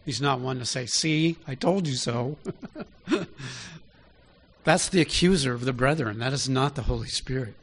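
A man's voice: mid-range voice, normal speed, pauses often, slightly rough. A man preaching a sermon in an easy, conversational way, often asking his listeners direct questions.

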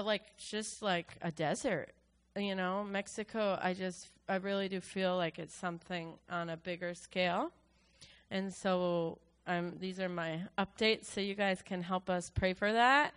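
Smooth-voiced woman sharing an emotional testimony. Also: medium pitch, fairly bright tone. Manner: emotional, halting, many fillers and restarts. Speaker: church worship leader. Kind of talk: personal testimony to a congregation.

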